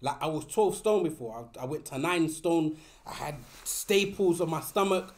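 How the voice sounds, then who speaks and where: A man in his thirties with an East London accent, a podcast guest telling a story in animated, slangy casual talk. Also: fairly high pitch, normal speed.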